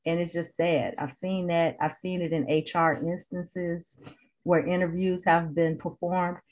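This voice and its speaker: A woman from Chicago, a podcast guest in casual conversation, animated and quick to laugh. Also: lowish voice.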